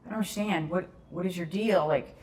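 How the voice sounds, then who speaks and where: A woman's voice: on the low side, a little fast, a little mellow. A woman, a podcast guest telling a story in casual conversation, acting out the voices in the dialogue.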